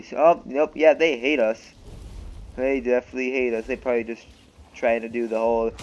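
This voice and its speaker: This gaming channel host, a young man, talks briskly in a mid-range voice with fairly even intonation, and the recording's highs are cut off. His let's-play commentary is rambling and offhand, full of self-mockery.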